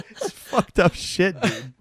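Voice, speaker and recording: A man's voice: high voice, breathy edge, no echo. Profane storytelling man, casual chat. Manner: loose, profane, animated storytelling.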